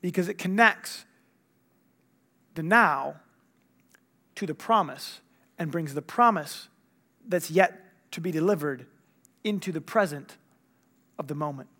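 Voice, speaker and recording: High-voiced man preaching a lively story sermon. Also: measured pace, long pauses. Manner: animated storytelling, acting out dialogue.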